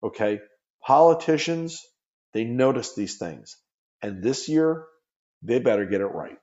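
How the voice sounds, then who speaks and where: Man, middle-aged, from the United States, emphatic interview guest, dark tone, muffled sound. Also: medium pitch, lively intonation, measured pace. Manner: earnest, emphatic, repeats words when pressing a point. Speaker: gun safety activist guest. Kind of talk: impassioned interview talk.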